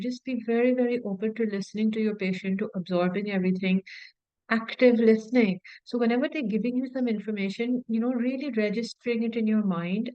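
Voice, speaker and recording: Female medical tutor, casual teaching delivery, a touch high-pitched, dry and slightly muffled audio. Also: no echo. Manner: conversational, often repeats words for emphasis and slips in fillers. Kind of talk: informal teaching talk.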